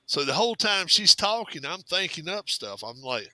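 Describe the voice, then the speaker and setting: A man's voice: high-pitched, sing-song, normal speed, pushed and bright, no room sound, poor audio. A man telling a funny childhood story in a casual chat, drawling and acting out what others said. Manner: drawling, laughing storyteller who acts out quotes.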